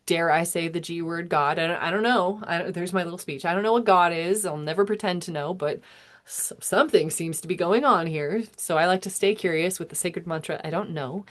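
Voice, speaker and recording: Woman astrologer in her thirties, slightly low voice, casual wandering monologue that interrupts itself and chuckles. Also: brisk. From United States. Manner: meandering, self-interrupting, chuckling.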